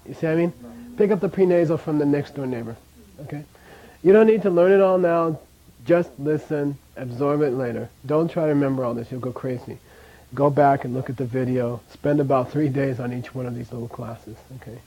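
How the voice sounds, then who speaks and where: Here the teacher's voice is medium-pitched and a little fast, and the audio is poor. He leads a language class through pronunciation practice by repeating sounds and checking with students, often fading quiet as phrases end.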